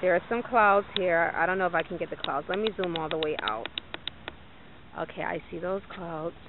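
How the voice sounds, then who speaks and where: A woman filming the night sky outdoors with a handheld camera, talking excitedly to her viewers and swearing often. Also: lowish voice, normal speed. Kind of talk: excited handheld vlog narration. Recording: tinny lo-fi camera audio with loud noise.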